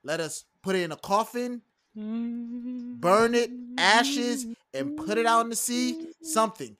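A man's voice: extremely high pitch, takes it slowly, a crowd in the background. A young man co-hosting a podcast, talking casually with playful, dramatic rants. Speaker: podcast co-host. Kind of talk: casual chat.

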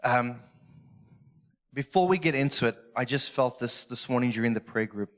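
A middle-aged man delivers a sermon in a church. He talks casually and from the heart, and gets emotional about the scripture. His voice sits at an ordinary male pitch. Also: moderate pace, a bit bright. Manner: earnest, emotional, conversational preaching. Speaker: pastor. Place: church stage.

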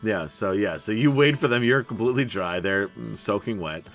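A man's voice: on the low side, expressive, normal speed, a bit bright, faint music behind. A man running a tabletop game as game master, casual, joking and often swearing.

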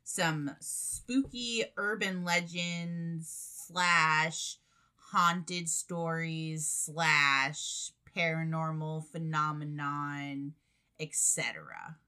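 A woman's voice: low voice, drawn-out words, pushed and bright, clear, resonant tone. A woman hosting a casual, joking podcast chat with friends. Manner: joking, chatty. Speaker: podcast host.

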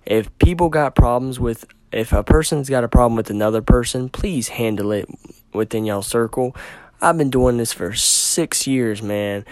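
In an angry solo rant on his own show, a man swears heavily and stumbles, stammering with agitation. He speaks at medium pitch and moderate pace in a darkish tone, with no echo.

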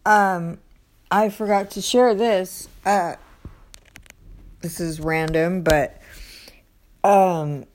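A woman's voice: fairly low pitch, steady tone, extremely slow, long pauses, a little mellow. A woman vlogger telling a story in a casual, rambling way, full of fillers and exasperated asides. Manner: rambling, many fillers and restarts.

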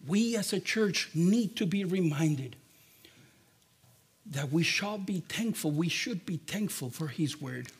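A man preacher giving an animated children's sermon, repeating himself and talking directly to the kids. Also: fairly high pitch, slow, husky.

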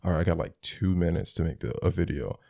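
A young man with a low, gravelly voice tells stories in loose, casual chat. He jumps into the voices of the people he talks about. The sound is close and dry, with no room around it. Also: quick pace, no echo. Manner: animated storyteller, acts out both sides of phone calls.

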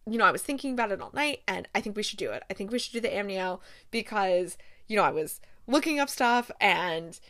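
A woman voicing an anxious young woman who talks in a rushed, earnest ramble. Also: medium pitch, lively intonation, a bit bright, voice pushed down.

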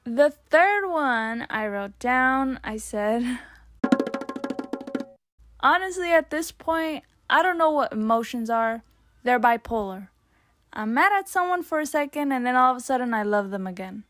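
A woman's voice: fairly high pitch, expressive, measured pace, a bit bright, soft background music. A young woman hosting a casual solo podcast, chatting and rambling through her old written notes with lots of fillers. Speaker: podcast host.

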